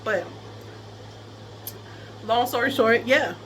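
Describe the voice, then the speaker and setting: A young woman telling a personal story to her viewers in a casual, animated way, often laughing and quoting people. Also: on the high side, slow, slight background noise.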